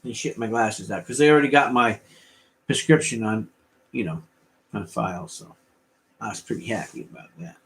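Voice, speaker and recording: A man's voice: fairly low pitch, moderate pace, pauses often, a bit bright, slight background noise. An older man rambling casually as he hosts a livestream auction and chats with viewers. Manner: rambling, folksy, chatting with viewers.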